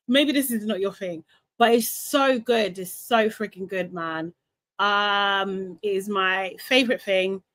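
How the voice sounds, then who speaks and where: A young woman hosting a live recap stream, talking in an animated, ranting way with quick laughs and repeated words. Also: a little high. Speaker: host of a live reality TV recap show. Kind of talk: casual live-stream chat.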